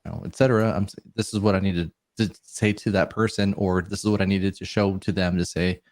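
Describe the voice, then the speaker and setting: A man with a lowish voice co-hosting a casual podcast and dropping dry jokes. The sound is dry and close, with no room echo. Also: level tone, a little fast, darkish tone.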